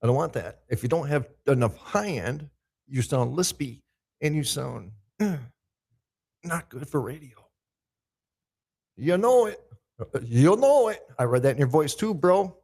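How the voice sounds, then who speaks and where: A man's voice: medium pitch, expressive, moderate pace, vocal fry, a little mellow, breathy edge. A man hosting a podcast, chatting loosely and profanely to himself and his listeners while he sets up a live show in a big echoey room. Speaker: podcast host. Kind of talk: casual pre-show chat.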